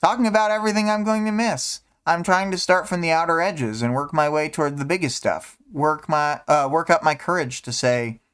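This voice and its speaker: Teasing teenage girl, pitched up, light and sassy, read by a male host. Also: brisk, hardly any pauses, a bit bright, clean tone, close to an everyday voice.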